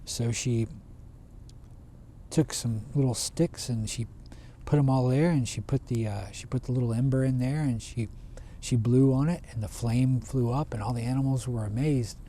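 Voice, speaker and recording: A man retelling a traditional folk tale in a relaxed, conversational way, often restarting his phrases. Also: medium pitch, moderate pace, slight background noise. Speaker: storyteller. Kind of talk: casual oral storytelling.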